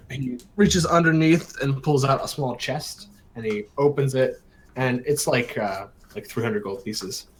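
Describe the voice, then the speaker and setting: A man's voice: medium pitch, measured pace, a little hiss or hum, poor audio. A man narrating as game master for a tabletop game in a loose, hesitant way full of fillers.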